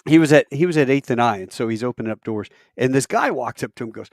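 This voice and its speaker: A man's voice: medium pitch, fast, few pauses, no echo. Dry-voiced man spinning a long story. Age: 50s. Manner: animated storyteller acting out quoted voices. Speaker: podcast co-host, airline pilot. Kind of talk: casual storytelling chat.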